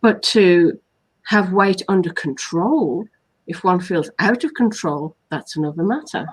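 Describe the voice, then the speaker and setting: A woman's voice: on the low side, unhurried, husky, rough recording. A woman hypnotherapist from England hosting a live online talk, explaining points and listing them earnestly. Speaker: hypnotherapist host.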